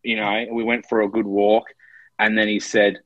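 A man's voice: lowish voice, flat delivery, moderate pace, fairly bright tone, dry recording, muffled recording. An Australian man co-hosting a podcast, telling a personal story in an earnest, emotional way. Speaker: podcast co-host. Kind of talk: casual chat. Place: Melbourne, in lockdown.

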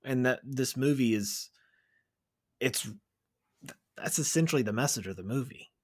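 A man's voice: medium pitch, moderate pace. A man co-hosting a movie podcast, earnestly and emotionally retelling scenes in casual review chat. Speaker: podcast co-host.

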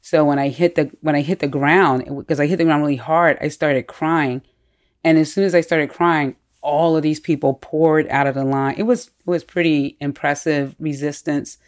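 A woman telling personal stories in a candid, animated way during a casual conversation. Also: low-pitched, moderate pace.

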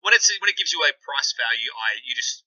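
A man's voice: medium pitch, lively intonation, fast, bright, forceful tone, muffled recording. A man narrating as game master in a casual tabletop session, swearing and laughing easily.

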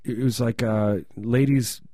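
A man co-hosting a radio show in casual banter, deadpan and sarcastic, rambling from one thought to the next. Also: medium pitch, unhurried, dry recording, studio quality.

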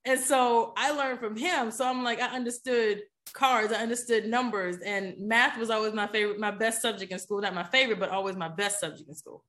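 A woman with a somewhat high voice talks through a personal story as a podcast guest. She is chatty and animated, and keeps turning to her listener with little check-ins. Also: a little fast, few pauses. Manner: animated, chatty, keeps asking "you know what I'm saying?". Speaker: podcast guest, poker player. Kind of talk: casual storytelling in an interview.

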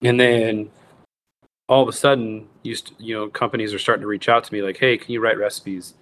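A lower-voiced man in his thirties tells his story in a relaxed interview, slipping into quick impressions of bosses and clients as he goes. He restarts his sentences often. A faint hiss sits under the recording. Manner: animated storyteller acting out quoted voices, many restarts. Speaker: guest, wild game cook and recipe writer.

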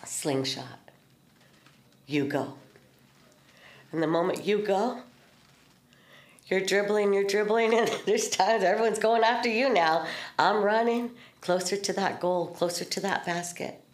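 A woman's voice: mid-range voice, measured pace, long pauses. A middle-aged woman hosting a podcast, telling a personal story in a candid, spiritual way with casual swearing. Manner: earnest, storytelling, spiritual talk with swearing and laughs. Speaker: podcast host. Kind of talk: candid heartfelt conversation. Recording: echoey room.

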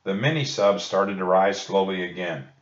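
A man gently reading a children's book aloud, reassuring young listeners. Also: deep voice, moderate pace. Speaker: storybook reader. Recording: dull echoey room recording.

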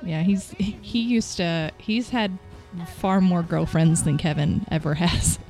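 A woman in her thirties co-hosting a casual chat, relaxed and rambling, laughing often. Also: on the low side, slow pace, soft background music. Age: 30s. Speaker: podcast co-host.

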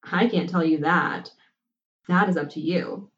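A bold, confident college girl who speaks bluntly and teases, as a woman reads her part. The voice sits low and sounds muffled and distant. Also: measured pace, natural voice. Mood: brash. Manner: blunt and teasing.

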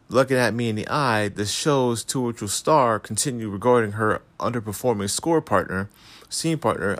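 A man talks through celebrity gossip in a fairly low voice, reading articles aloud. He drops sarcastic, profane asides between the quotes. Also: fairly bright tone, no echo. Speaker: commentary host. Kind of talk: casual celebrity gossip commentary.

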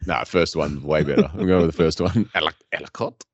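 A man's voice: extremely low pitch, no room sound, highs cut off. A man chatting casually about games, joking and teasing his friends. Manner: joking, teasing, quick asides. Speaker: podcast co-host. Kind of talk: casual gaming chat.

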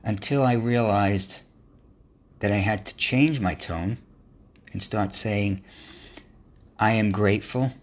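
A man's voice: fairly low pitch, takes it slowly, long pauses. A man hosting a motivational podcast, speaking in an earnest, encouraging monologue. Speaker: podcast host.

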